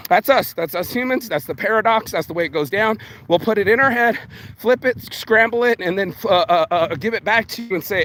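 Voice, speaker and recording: A man's voice: sits high, fairly quick, fairly bright tone. A man vlogging outdoors while picking up litter, ranting bluntly and profanely in streetwise slang, calling everyone bro. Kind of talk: ranting walk-and-talk vlog.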